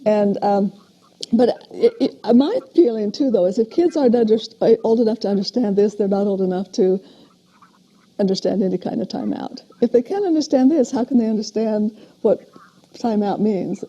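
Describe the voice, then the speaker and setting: An older woman, a parent educator, giving a steady, explanatory lecture on parenting in a recorded talk. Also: mid-range voice, moderate pace, slightly rough. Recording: dull lo-fi video playback.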